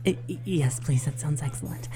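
A young adult woman in a whispered role-play, talking in flustered, breathy whispers and teasing asides. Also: low-pitched, brisk, music in the background.

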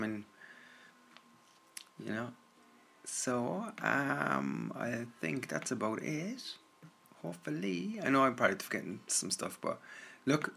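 An Irish man with a voice on the low side and a sharp tone rambles casually through listener messages as an audio content creator. He's self-deprecating and full of fillers.

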